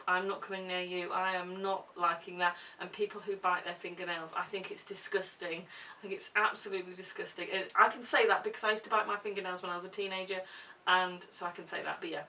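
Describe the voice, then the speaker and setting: Bright chatty young woman. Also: lowish voice, fairly even intonation, a little fast. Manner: chatty, giggly, many ums. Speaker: vlogger. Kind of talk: casual chat to camera. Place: room at home. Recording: distant camera mic with hiss.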